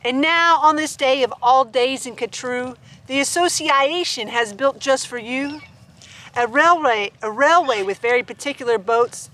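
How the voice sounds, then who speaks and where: This woman's high, pushed, bright voice moves at a measured pace as she reads a rhyming picture book to her farm animals. She's outside with sheep and dogs around, playful and laughing between the verses.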